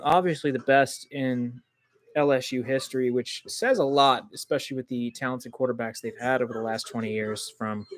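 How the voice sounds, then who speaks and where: A man hosting a livestream football reaction, excitable and quick to get indignant at calls, loose and rambling with many ums. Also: medium pitch. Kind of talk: live football reaction commentary.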